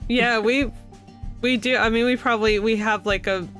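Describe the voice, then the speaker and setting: A woman's voice: a little high, fairly even intonation, moderate pace, fairly bright tone. A woman hosting a podcast, chatting in a casual, upbeat way. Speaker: podcast host. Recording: dry close mic with faint music.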